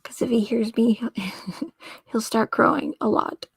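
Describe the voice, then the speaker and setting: A woman's voice: a little high, measured pace, vocal fry, husky, no echo. A woman hosting a casual livestream, reading aloud and rambling, often trailing off, correcting herself and laughing. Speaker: livestream host.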